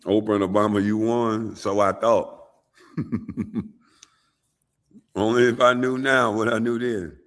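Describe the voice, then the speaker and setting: A man hosting a show, talking in casual, animated and profane commentary. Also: on the low side, unhurried, long pauses. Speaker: show host.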